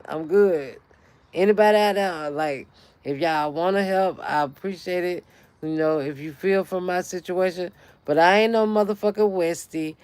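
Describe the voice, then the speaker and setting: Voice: medium pitch, normal speed, darkish tone, clear, resonant tone, no room sound. A middle-aged speaker, ranting in casual livestream chat and telling a heated story full of swearing. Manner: profane, heated storytelling rant. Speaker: channel host.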